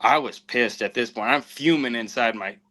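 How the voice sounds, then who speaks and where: A man's voice: medium pitch, moderate pace, low-quality recording. A man telling a hunting story in casual podcast chat, acting out what people said along the way. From southwestern United States. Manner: animated anecdote-telling with acted-out quotes. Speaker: podcast host and houndsman.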